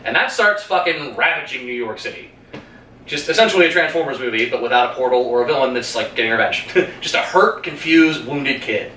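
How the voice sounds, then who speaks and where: A man co-hosting a casual movie review, retelling scenes in an animated way, swearing freely and laughing often. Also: medium pitch, brisk. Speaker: podcast co-host. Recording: roomy room, mic at a distance, faint hum.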